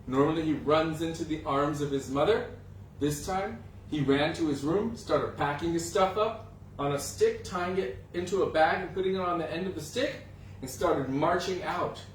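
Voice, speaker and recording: A man telling a devotional story to a gathering in an animated way, acting out the voices of the characters. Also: fairly high pitch, normal speed, slight background noise. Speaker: spiritual teacher. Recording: roomy echo, distant mic, faint ambience.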